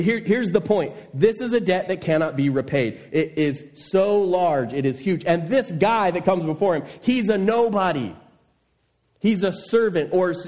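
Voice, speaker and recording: A man preaching a sermon, reading scripture and acting out indignant voices. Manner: animated, voices indignant listeners with rising pitch. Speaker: pastor.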